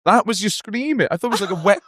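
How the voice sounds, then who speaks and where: A man, hosting a casual podcast chat and telling animated stories with acted-out voices. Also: sits high, fast, no echo, studio quality. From Wales. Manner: animated storytelling, acts out quoted voices. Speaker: podcast host.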